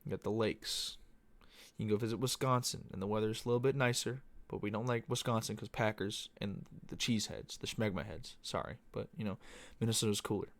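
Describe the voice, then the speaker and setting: A man's voice: lowish voice, fairly quick, no room sound. A young man hosting a podcast, talking casually in a loose, profane, meandering monologue. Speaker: podcast host. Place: Arizona.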